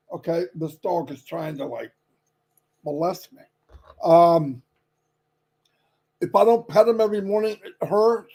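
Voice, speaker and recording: A man's voice: high voice, darkish tone, husky, low-quality recording. A man chatting casually on a livestream, easygoing and rambling, with fillers and side remarks. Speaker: company leader on a livestream.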